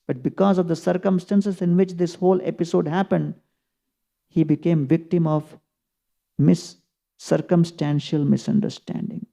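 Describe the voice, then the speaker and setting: A man's voice: fairly high pitch, vocal fry, mellow. A man giving a scripture class as a sermon, telling the story earnestly with emphatic rises. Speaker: preacher.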